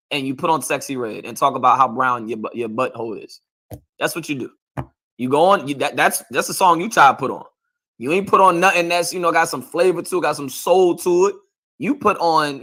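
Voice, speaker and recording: Street preacher guy going off, kinda high pushy voice, keeps asking you understand. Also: bright, forceful tone. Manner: lecturing, repeats "You understand?". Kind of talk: confrontational sermon.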